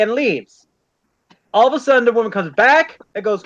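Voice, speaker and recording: A man with a high, bright voice hosts a casual stream chat, telling jokes with an animated, bouncing delivery and laughing often. The sound is somewhat dull and lo-fi. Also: a little fast. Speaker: live stream host.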